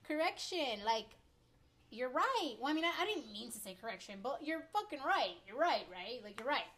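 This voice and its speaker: A woman's voice: high-pitched, animated, brisk, a bit bright. A woman in her twenties ranting to her viewers in a rambling, heated, heavily profane way. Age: 20s. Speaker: vlogger. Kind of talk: ranting opinion vlog.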